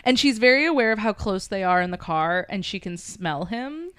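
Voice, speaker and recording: A woman hosting a podcast, casually retelling a story and acting out the characters' lines with lively energy. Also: medium pitch, moderate pace, clear, resonant tone, no echo, clean studio sound. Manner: animated, acts out the characters' lines. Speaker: podcast host.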